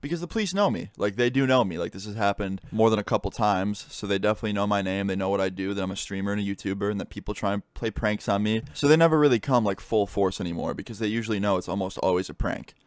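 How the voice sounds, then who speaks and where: A young gaming YouTuber tells a story-time vlog in a casual, animated way, swearing freely as he recounts what happened. His voice is fairly low and quick with few pauses, recorded at studio quality with no echo.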